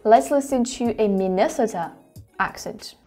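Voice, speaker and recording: Mellow-voiced woman with a French accent. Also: fairly high pitch, a little slow, faint music behind. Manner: thinking aloud, frequent restarts and fillers. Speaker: host. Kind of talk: casual vlog commentary.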